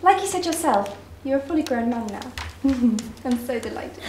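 A woman's voice: sits high, lively intonation, normal speed, darkish tone, a little hiss or hum. A woman playing a fussy, doting mother who also narrates, in a student stage play. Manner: fussing, gushing, sing-song. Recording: echoey room, mic far off.

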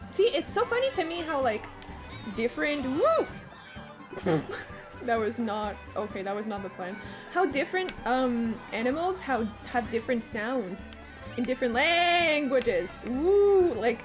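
A woman streamer giving live commentary as she plays, excitable, swearing and shrieking when things get fast. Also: on the high side. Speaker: gaming streamer.

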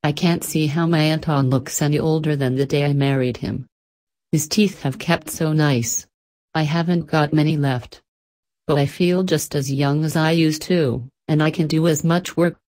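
Husky, excited middle-aged farm mother, read by a woman, low and breathy. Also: moderate pace, close to an everyday voice. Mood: fond. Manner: excited, bustling, fond.

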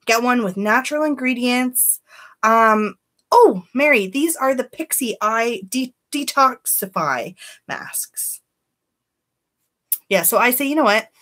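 A woman's voice: fairly high pitch, expressive, takes it slowly, a bit bright. A woman chatting casually on a beauty live stream, greeting viewers by name and giving candid opinions.

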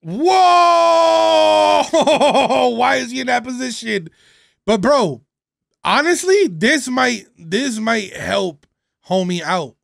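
A man's voice: extremely high pitch, takes it slowly, creaky, dry recording, clean studio sound. A man hosting a reaction video, casually commenting in a slangy way. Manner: laid-back, excited outbursts, slang.

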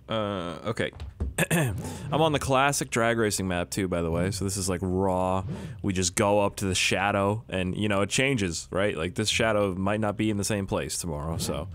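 A young man giving rambling, casual commentary over a driving game, swearing and yelling when things go wrong. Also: low-pitched, normal speed. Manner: rambling, excitable, swears, yells when the car crashes. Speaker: gaming YouTuber. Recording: noisy game audio behind the voice. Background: car engine sounds from the game.

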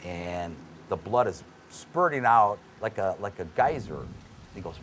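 A man with an extremely deep voice tells rough, profane trading-floor stories. He talks bluntly and gets animated as the stories build. Faint noise sits under his voice. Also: measured pace. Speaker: floor trader. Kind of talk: documentary interview storytelling.

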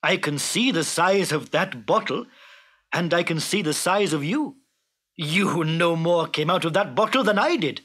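A man playing a calm, teasing little fisherman. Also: a little high, a little slow, breathy edge, full character voice. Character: cheeky, unflappable little fisherman.

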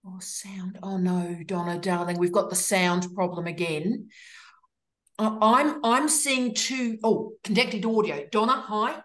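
A woman's voice: medium pitch, a little slow, fairly bright tone. A woman hosting online office hours on a video call, greeting people in an effusive, teasing way. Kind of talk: casual video call chat. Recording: roomy echo.

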